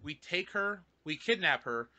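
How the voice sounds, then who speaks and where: A young man co-hosting a podcast, telling crude jokes in animated banter and laughing often. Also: on the high side, unhurried, a little hiss or hum. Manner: animated, laughing, jumps into put-on voices. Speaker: podcast co-host.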